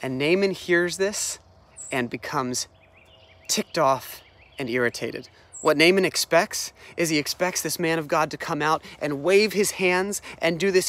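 A man preaching a sermon, retelling a Bible story in a lively, animated way, often repeating words as he restarts his sentences. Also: fairly high pitch. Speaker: pastor.

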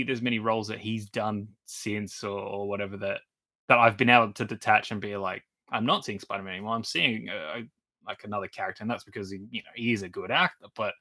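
A man co-hosting a podcast, chatting casually about a film, laughing often and trailing off quieter mid-thought. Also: lowish voice. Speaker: podcast co-host. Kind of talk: casual film review chat.

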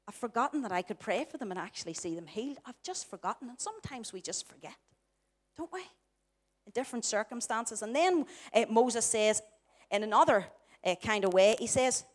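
A woman's voice: sits high, lively intonation, fairly quick, a bit bright. A middle-aged woman with a Northern Irish accent preaching a sermon, emphatic and full of rhetorical questions to the congregation.

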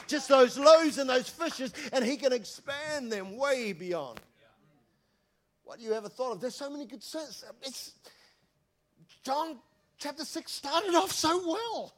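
A male pastor, preaching a sermon in an energetic, chatty, jokey storytelling way. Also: extremely high pitch.

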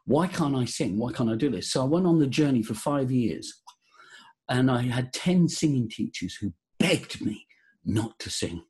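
Husky older storyteller man. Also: mid-range voice, moderate pace. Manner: animated storyteller, voices quotes, frequent restarts. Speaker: vocal coach and guest. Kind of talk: casual storytelling interview.

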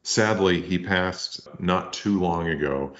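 A man co-hosting a podcast, making halting, mock-grand introductions. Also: deep voice, fairly bright tone. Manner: hesitant, faux-grand introductions with fillers. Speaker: podcast co-host. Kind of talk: deadpan comedy bit. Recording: slightly muffled lo-fi audio.

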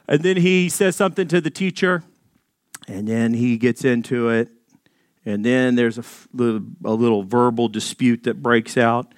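A man, a pastor telling a storytelling sermon in an animated, jokey way, acting out voices in his anecdotes. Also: mid-range voice, normal speed, no echo, studio quality.

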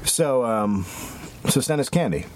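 Rambling podcast co-host with deadpan comebacks. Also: male voice, mid-range voice, measured pace, noisy background. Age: around 40. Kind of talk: profane comedic banter.

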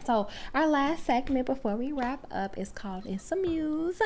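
A woman's voice: sits high, expressive, moderate pace, darkish tone. Woman podcast host, gushy and laughing a lot, faint hiss behind her. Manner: effusive, laughs often, calls guest girl and honey. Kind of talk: warm casual interview chat.

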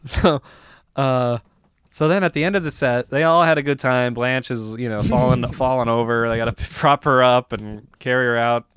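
Smooth-voiced man telling rambling stories. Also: mid-range voice, steady tone, moderate pace, fairly bright tone, dry recording, clean studio sound. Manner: rambling, self-mocking, lots of restarts and laughs. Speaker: podcast co-host. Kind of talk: casual comedic storytelling.

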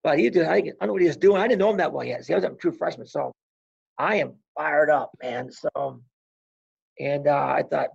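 A man in his sixties, a former college wrestler, telling animated stories as an interview guest and acting out old conversations. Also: on the high side, fairly quick. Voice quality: gravelly, husky. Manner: animated storyteller who acts out past conversations. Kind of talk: casual storytelling interview. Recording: dull lo-fi recording.

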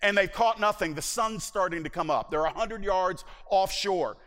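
A man's voice: sits high, normal speed, fairly bright tone, long reverb tail. A male pastor preaching a sermon, retelling a Bible story dramatically and acting out its voices.

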